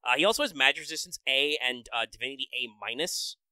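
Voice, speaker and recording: A man's voice: mid-range voice, expressive, fast, bright, forceful tone, no echo, rough recording. A man hosting a casual podcast, enthusiastically breaking down game details with many fillers. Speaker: podcast host. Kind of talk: casual podcast chat about a mobile game.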